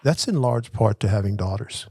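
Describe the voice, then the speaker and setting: A middle-aged man co-hosting a casual conversation, talking in a thoughtful, halting and self-reflective way. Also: fairly low pitch, expressive, warm tone, husky, no room sound, clean studio sound. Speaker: podcast co-host.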